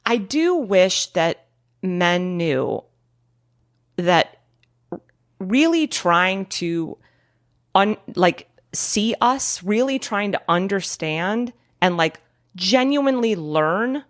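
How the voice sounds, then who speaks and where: A woman in her forties, a guest actor on a casual podcast, telling stories in an animated, laughing way and trailing off mid-thought. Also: medium pitch, drawn-out words. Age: 40s.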